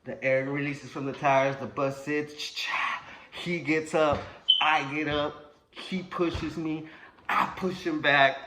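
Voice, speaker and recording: A man tells a story from his past in a loose, rambling way, full of swearing and acted-out sound effects. His voice is bright and forceful. A faint hiss of noise sits behind him. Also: fairly high pitch, steady tone, slow pace. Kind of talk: casual profane storytelling.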